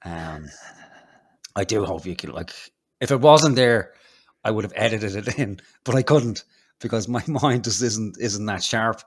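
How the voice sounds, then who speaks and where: A man's voice: fairly low pitch, expressive, a little slow. An Irish man co-hosting a comedy podcast, rambling and swearing as he tells a story. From Ireland. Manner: rambling, sweary, laughs often. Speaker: podcast co-host. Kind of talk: casual commentary.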